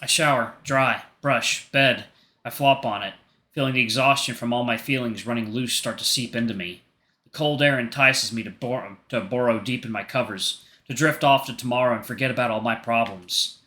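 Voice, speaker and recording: A man's voice: mid-range voice, moderate pace, sharp tone. A gaming streamer, a man, reading a story game aloud and breaking off for playful, jokey asides. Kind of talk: reading a visual novel aloud with commentary.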